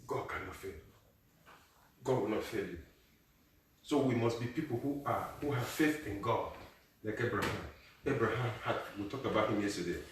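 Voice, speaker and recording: A male pastor preaching a sermon, moving between low, quiet passages and shouted high calls, often asking the congregation if they are hearing him. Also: normal speed, long pauses, slight background noise. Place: church. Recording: echoey room, mic far off.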